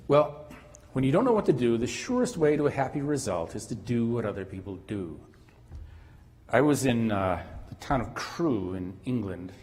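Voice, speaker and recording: Low-voiced guy giving a conference lecture, rambling, restarts a lot, echoey hall. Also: a little mellow. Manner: rambling, with restarts and sound imitations. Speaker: conference speaker. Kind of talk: academic lecture. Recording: long reverb in a hall.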